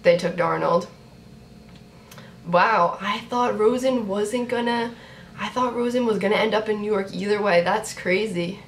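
A young woman reacting to a sports draft on her vlog, chatty and excitable, talking to her viewers. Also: medium pitch, measured pace. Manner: excitable, talks to viewers, repeats herself. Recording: roomy echo, faint background noise.

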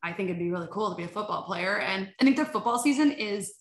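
A woman who heads a sports agency guests on a podcast, telling stories animatedly in casual chat with lots of fillers and acted-out quotes. Her voice is medium-pitched, expressive and fast, and the recording has a roomy echo.

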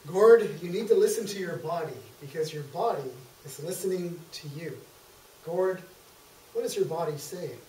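A man's voice: fairly high pitch, moderate pace, a little mellow, slight background noise, close to an everyday voice. A man playing a blunt, preachy TV psychologist host who lectures in homespun sayings, in an amateur stage comedy skit. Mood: coaching. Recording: echoey hall from far off.

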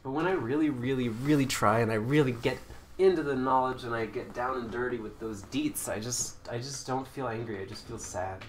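A man's voice: mid-range voice, fairly quick. Rambling young man streaming games. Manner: rambling, jokey, with sudden loud outbursts. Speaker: game streamer. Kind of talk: casual live-stream commentary. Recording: echoey room with faint noise.

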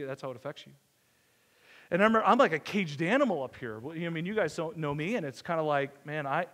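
A man's voice: sits high, fairly bright tone. A male pastor telling a personal story in a conversational sermon, joking at his own expense and acting out the dialogue. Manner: conversational, self-deprecating humor, acts out dialogue. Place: church sanctuary. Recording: long reverb of a church hall.

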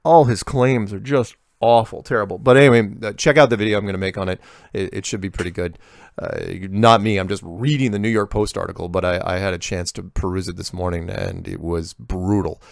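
A man's voice: sits low, fairly even intonation, brisk, creaky, no room sound, clean studio sound. A man hosting a show where he reads and answers viewer emails in a rambling, casual way, often restarting his sentences and making sarcastic asides. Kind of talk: casual monologue reading emails.

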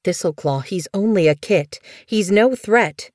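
A woman voicing a young female cat warrior, gentle but firm and protective, in an audiobook. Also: on the low side, expressive, normal speed, no echo, studio quality, close to an everyday voice. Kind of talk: audiobook character voice.

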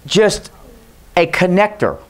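High-voiced man preaching with fervor. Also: big pitch swings, slow. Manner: emphatic preaching that swings from hushed to shouted; leads the congregation in call and response. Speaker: pastor. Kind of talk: sermon. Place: church sanctuary.

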